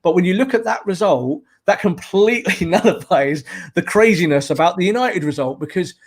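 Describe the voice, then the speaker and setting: A man talks football as a podcast guest. His voice sits a little higher than most men's. He speaks emphatically and circles back to repeat his points. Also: a little fast, breathy edge. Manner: animated, emphatic, repeats himself when pressing a point. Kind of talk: casual podcast chat.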